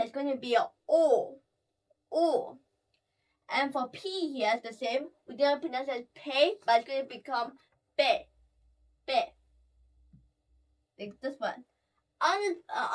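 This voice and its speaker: High-voiced woman teaching pronunciation, mic distant. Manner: ends phrases with a habitual "here", repeats sounds slowly. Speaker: language teacher. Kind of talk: explaining while drawing letters.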